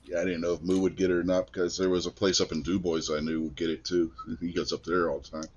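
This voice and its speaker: A man's voice: low voice, flat delivery, fast, a little mellow, lo-fi sound, slight background noise. A man chatting casually on a podcast in an easygoing, agreeable way. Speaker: podcast co-host. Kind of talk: casual chat.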